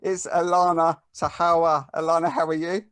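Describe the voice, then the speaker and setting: A man's voice: fairly high pitch, level tone, moderate pace, fairly bright tone, smooth, dry recording. A man with an Essex accent hosting a podcast, chatting casually and plugging the show. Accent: Essex English. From England. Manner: chatty, thanks listeners and plugs the show. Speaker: podcast host. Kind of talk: casual chat.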